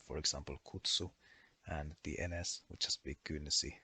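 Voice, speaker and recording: Very deep-voiced man explaining methodically. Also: fairly even intonation, moderate pace, sharp tone, breathy edge. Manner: methodical, listing one example after another. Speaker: language explainer. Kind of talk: explanatory voice-over lesson.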